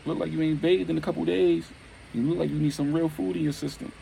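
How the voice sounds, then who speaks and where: A brash young street guy, beaten and chained up, complains loudly in a raised, strained pitch, as a man acts him out while telling a story. The voice sits well above the teller's usual low register and keeps a gravelly edge. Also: steady tone, fast talker, slight background noise, rough recording. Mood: insistent.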